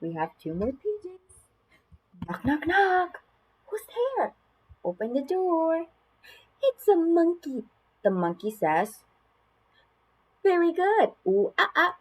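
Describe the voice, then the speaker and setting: A woman showing how to read a picture book aloud to a toddler, in an expressive sing-song way with gasps, then giving tips to parents. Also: very high voice, slow, long pauses, rough recording.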